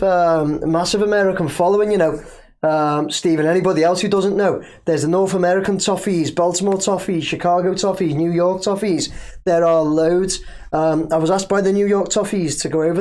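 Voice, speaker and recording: A man's voice: fairly high pitch, darkish tone. A middle-aged man from England hosting a casual football livestream, chatting in a rambling, self-deprecating way while reading out viewer comments. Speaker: football channel host.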